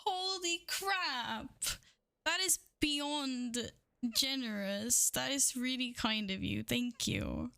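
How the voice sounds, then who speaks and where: A woman streamer talks into a studio microphone with a high, bright, sharp-edged voice. She drags her words out slowly, shaking with excitement as she swears and gushes thanks. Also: vocal fry, clear, resonant tone, no echo. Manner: stunned, gushing thanks with frequent swearing and laughter. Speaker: livestreamer. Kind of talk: casual stream chat. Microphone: studio microphone with windscreen.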